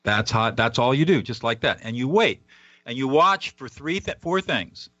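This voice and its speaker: A man's voice: mid-range voice, expressive, normal speed, fairly bright tone, no echo, muffled recording. A man, a guest author on a radio interview, explaining a method earnestly and at times acting out example dialogue.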